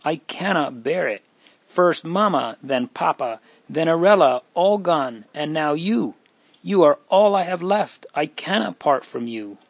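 A tender young girl who begs and worries, her words heavy with feeling, voiced by a man reading aloud. The pitch sits above an ordinary man's level. The recording is dry and close. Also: unhurried, no echo, close to an everyday voice. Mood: pleading. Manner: raised pitch, emotional pleading.

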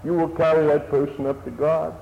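A man's voice: fairly high pitch, flat delivery, brisk, gravelly. A man preaching a sermon in an earnest, old-fashioned manner, his voice swelling and dropping. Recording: echoey hall, dull lo-fi sound, faint hiss.

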